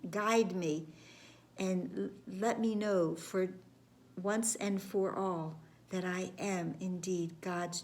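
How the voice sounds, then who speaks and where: A woman giving a reflective spiritual lesson, speaking gently with repeated phrases and some words dropped to a whisper. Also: on the low side, slight background noise. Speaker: spiritual course teacher.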